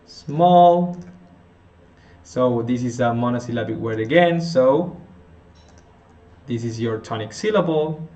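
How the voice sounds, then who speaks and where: A man teaching an intonation lesson, working through example sentences slowly, often restarting and correcting himself. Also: mid-range voice, fairly even intonation, darkish tone, highs cut off. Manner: slow, halting, with frequent restarts and self-corrections. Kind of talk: phonetics lesson explanation.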